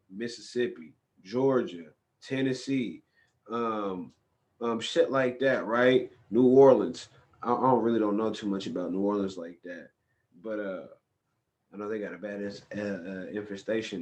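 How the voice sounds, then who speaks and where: A man from California, hosting a podcast in a casual, profane, animated storytelling style. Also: fairly low pitch. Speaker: podcast host. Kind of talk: casual chat.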